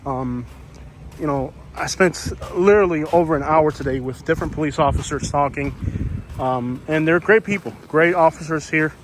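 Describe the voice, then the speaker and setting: A man's voice: fairly high pitch, normal speed. A man vlogging as he walks an outdoor street, chatty and rambling, with many fillers. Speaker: YouTuber. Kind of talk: walking vlog commentary. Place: outdoors on a storm-damaged street. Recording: faint outdoor street noise.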